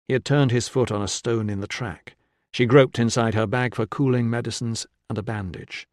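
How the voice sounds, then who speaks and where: A man narrating a historical crime audiobook in a measured storytelling way. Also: medium pitch, steady tone, no echo, clean studio sound. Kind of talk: scripted narration.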